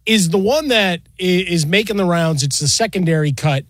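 A man's voice: sits high, normal speed, dry recording. A man co-hosting sports talk radio, wry and teasing, telling anecdotes.

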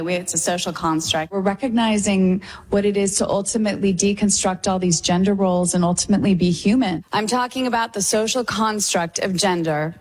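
A woman speaking in a played clip, earnest and measured as she explains her view. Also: medium pitch, low-quality recording. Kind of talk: earnest advocacy speech.

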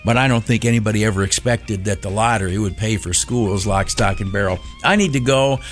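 A man's voice: fairly low pitch, fairly quick, soft background music. A man hosting a call-in talk radio show, frank and opinionated, with many filler sounds. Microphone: studio microphone.

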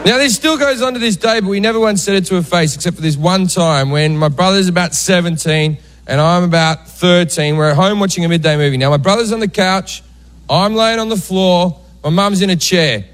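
A man's voice: high-pitched, a little fast, fairly bright tone. A man doing stand-up, telling a long family story with sudden raised outbursts. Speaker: stand-up comedian. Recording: live club recording with audience noise.

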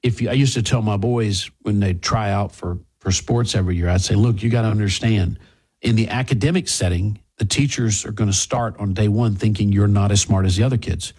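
A man's voice: fairly low pitch, fairly quick, darkish tone, breathy edge. A middle-aged man hosting talk radio, delivering a combative opinion monologue full of rhetorical questions.

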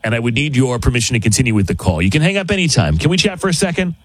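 A man hosting a morning radio show, chatting in an animated, joking way from a studio. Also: medium pitch, very fast, no echo. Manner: animated, joking, talks over others. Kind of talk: morning radio prank call chat.

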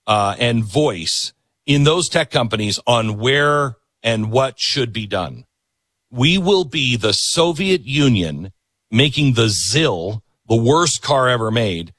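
Animated middle-aged man hosting talk radio. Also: mid-range voice, dry recording. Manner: animated, emphatic, repeats words for emphasis. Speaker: talk show host. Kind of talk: political talk radio monologue.

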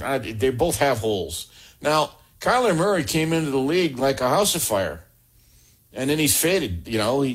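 A middle-aged man with a husky voice delivers an opinionated sports talk monologue. He is blunt and sarcastic and leans hard on his opinions with emphatic asides. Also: medium pitch. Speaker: sports commentator.

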